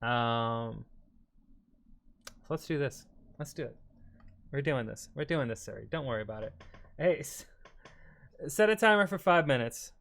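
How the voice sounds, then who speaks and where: A man streaming live, chatting casually and bantering excitably with his chat, sometimes yelling in mock outrage. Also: mid-range voice, a little slow, gravelly, pauses often.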